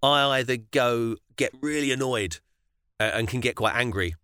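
A British man co-hosting a casual podcast chat, reflective and halting as he thinks aloud. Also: mid-range voice, sharp tone, clean tone, no room sound, studio quality. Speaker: podcast co-host.

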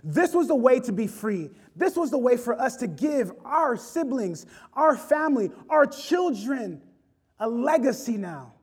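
A man's voice: very high voice, very animated, measured pace, a little mellow, slightly rough. A man preaching an impassioned sermon, rising and falling in intensity. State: choked up with emotion.

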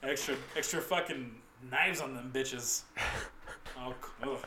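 A man's voice: medium pitch, unhurried. A man co-hosting a podcast, talking in casual crude banter, mocking and often laughing. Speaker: podcast co-host. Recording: echoey room with noise.

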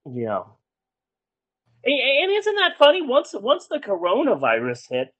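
A woman on a casual podcast goes on an angry, profane rant, her pitch leaping up and down all the way. She sounds heated and exasperated. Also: wildly swooping pitch, a little slow, fairly bright tone, lo-fi sound. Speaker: podcast co-host.

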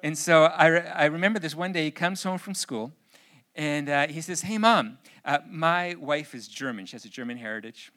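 A man's voice: fairly high pitch, normal speed, sharp tone. A middle-aged man preaching as a pastor, telling funny family stories and acting out their voices. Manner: humorous storytelling, acts out family voices. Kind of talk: sermon.

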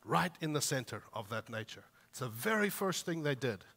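A man preaching a sermon with emphasis. He lifts his voice when he reads scripture and drops low for quiet asides. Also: very animated, moderate pace, slightly rough. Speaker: pastor. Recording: long reverb of a large hall.

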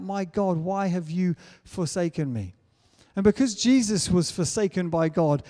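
Earnest and building to emphatic declarations, a man preaches in a church hall with a mellow voice on the high side. The hall's reverb is audible in the recording.

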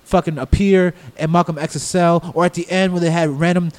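A man's voice: fairly high pitch, steady tone, a little fast, darkish tone. A man co-hosting a casual podcast, blunt and opinionated, swearing freely. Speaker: podcast co-host. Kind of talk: casual chat. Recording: long reverb on voice.

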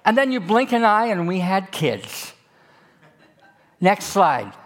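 A man's voice: high voice, very animated, takes it slowly. A man in his sixties preaching a sermon with personal stories, folksy and joking with emphatic delivery.

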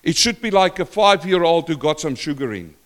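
An older man preaching a sermon in church, questioning the congregation and swinging between loud and soft. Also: fairly high pitch, animated, brisk. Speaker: pastor.

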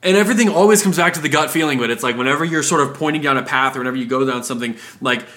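Speaking rapid-fire in a fairly high, somewhat bright voice, this man chats casually and rambles, leaning heavily on fillers while imitating what customers said.

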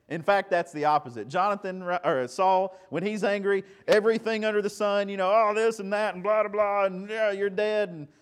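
A male pastor delivers a sermon in a fairly high-pitched voice, talking to the congregation conversationally. He asks rhetorical questions and often stumbles over repeated words.

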